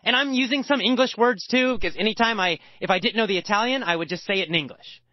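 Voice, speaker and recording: A man's voice: high-pitched, fast, no room sound. An American man teaching a language lesson through a personal story, emphatic and repeating words for stress. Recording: dull lo-fi dry recording.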